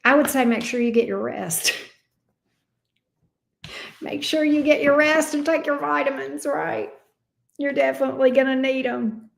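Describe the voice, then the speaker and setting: Slow-talking affectionate woman tarot reader. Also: high voice, gravelly, echoey room. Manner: affectionate, calls viewers babe and sweetie; casual and salty, swears lightly. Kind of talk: livestream tarot readings for viewers.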